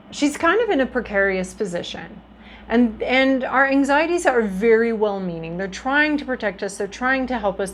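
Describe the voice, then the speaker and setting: A woman's voice: medium pitch, a little hiss or hum, rough recording. A woman giving a casual tarot reading to her viewers, talking in a chatty, reflective way with frequent ums and restarts. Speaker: tarot reader.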